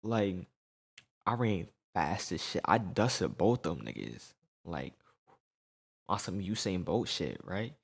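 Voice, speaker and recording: A young man spins a casual storytime in loose slang, tossing "right?" after nearly every beat. His voice sits low and gravelly, and he takes his time. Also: takes it slowly, long pauses. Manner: slangy, animated retelling with frequent "right?" tags.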